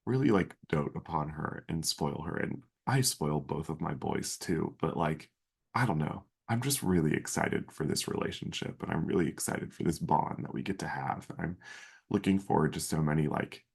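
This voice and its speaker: A man's voice: very deep voice, expressive, moderate pace, creaky, breathy edge. A man in his thirties hosting a podcast, telling a personal story in an earnest, emotional way with many fillers and restarts. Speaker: podcast host.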